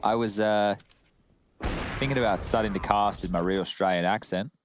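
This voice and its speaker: Deeper guy breaking down an esports match, calm and analytical, slight hiss. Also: normal speed. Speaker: esports caster. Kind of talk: play-by-play commentary.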